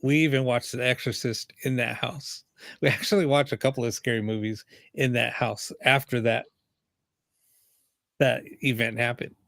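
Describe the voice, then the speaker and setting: A man's voice: mid-range voice, fairly even intonation, normal speed, vocal fry, fairly bright tone, no echo. A male host in casual chat, laid-back, laughing a little as he tells a story. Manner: laid-back, laughs while telling stories.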